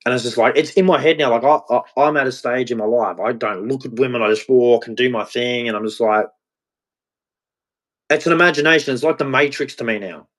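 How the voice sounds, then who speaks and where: A man in a confessional vlog monologue, speaking in a halting, repetitive way and swearing freely. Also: mid-range voice, a bit bright. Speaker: vlogger.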